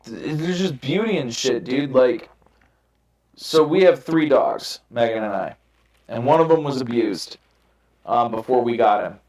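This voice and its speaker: A man's voice: medium pitch, lively intonation, a little slow, a little mellow. Candid, swearing young man in an echoey room. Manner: candid, swearing, rambling storytelling. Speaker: podcast host. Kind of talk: casual chat. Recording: roomy echo.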